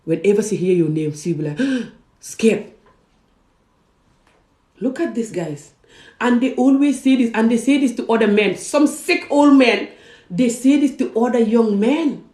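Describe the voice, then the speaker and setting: A woman's voice: a little high, lively intonation, normal speed, mellow. A woman from Gambia and Senegal giving an emphatic personal vlog monologue, repeating words for stress. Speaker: vlogger. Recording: roomy echo.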